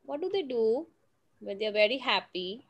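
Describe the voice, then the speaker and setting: A woman's voice: fairly high pitch, animated, moderate pace. A woman teaching young children phonics, sounding out words and telling a simple story in a patient, coaxing way. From India.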